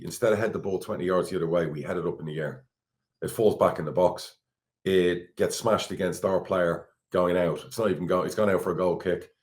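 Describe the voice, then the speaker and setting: A man's voice: deep voice, darkish tone. A middle-aged Irish man, a football club chairman, talking candidly on a podcast, blunt and swearing freely. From Ireland. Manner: blunt, swears freely, repeats words when worked up.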